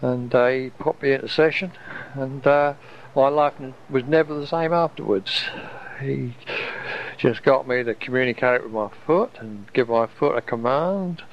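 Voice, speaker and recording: A man's voice: medium pitch, normal speed, a little hiss or hum. A man, telling a personal story in a rambling, wondering way, often restarting his sentences. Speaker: storyteller recalling an experience. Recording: dull lo-fi recording.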